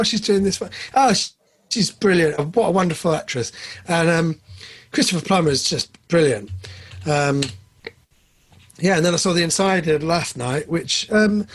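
A man co-hosting a podcast, chatting casually about films, excitable and jumping up in pitch when enthused. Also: husky. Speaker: podcast co-host. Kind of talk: casual film chat.

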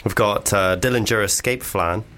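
Playful low-voiced English man. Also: normal speed, fairly bright tone, a little hiss or hum. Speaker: podcast co-host. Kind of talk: casual comedy chat.

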